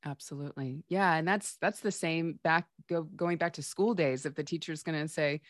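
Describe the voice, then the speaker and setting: Woman, podcast host, very deep voice, dry close sound, supportive interviewer. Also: fairly even intonation, moderate pace, hardly any pauses, no echo. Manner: warm, affirming listener who asks open questions.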